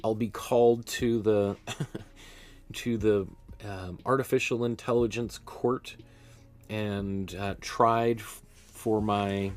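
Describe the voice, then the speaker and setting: Slow and steady, a man with a fairly low voice runs a live-streamed painting lesson in his art studio. He talks in a loose, chatty way, frequently laughing at himself while dealing with hiccups.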